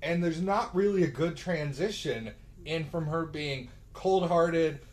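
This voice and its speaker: A man's voice: a little high, a little slow. A young man co-hosting a casual movie review chat, blunt and joking. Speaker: podcast co-host.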